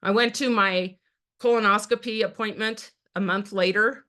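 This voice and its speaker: A middle-aged woman talks through her own story on a team video call, earnest and plain-spoken. Her voice sits at an ordinary middle pitch for a woman. She keeps turning to her listeners as "you guys.". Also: fairly even intonation, moderate pace, bright, forceful tone. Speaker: direct sales team leader sharing her story. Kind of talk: personal testimony on a team call.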